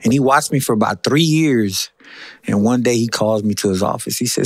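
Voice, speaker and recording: A man's voice: mid-range voice, moderate pace, husky, no echo, clean studio sound. A middle-aged man from Texas telling his life story as an interview guest, earnest, acting out the voices of people he quotes. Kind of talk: conversational testimony.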